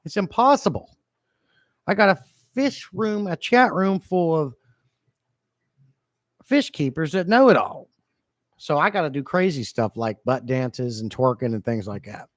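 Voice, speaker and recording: A man's voice: fairly high pitch, animated, a little slow, pauses often, no echo. Guy rambling on his fish stream, kinda tired but joking around, dry close mic. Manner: playful, rambling, jokey with chat. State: a bit low-energy. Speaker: fish-keeping livestreamer. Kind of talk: casual livestream chat reading comments. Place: home fish room.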